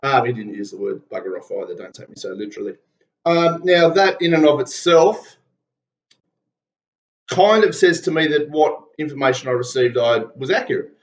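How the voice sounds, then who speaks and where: A man's voice: medium pitch, lively intonation, normal speed. Blunt ranting Australian man, roomy lo-fi sound. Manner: blunt, heated and profane. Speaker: political commentator. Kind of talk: ranting political commentary.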